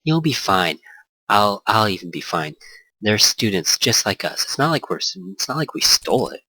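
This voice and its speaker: A man's voice: lowish voice, very animated, normal speed, bright, forceful tone, no echo, heavily acted, low-quality recording. A man voicing a carefree, scheming young female student who talks in a breezy, reassuring way.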